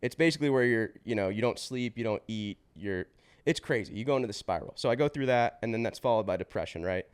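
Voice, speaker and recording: A man in his twenties, a podcast guest, telling his life story in a casual, slangy way with swearing and quick restarts. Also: lowish voice, expressive, clean tone. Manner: slangy and swearing, says bro and dude; fast run-on telling with restarts.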